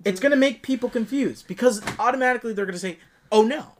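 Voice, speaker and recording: A man's voice: extremely high pitch, racing, slight background noise. A man in casual podcast banter who jokes provocatively and pushes an edgy idea.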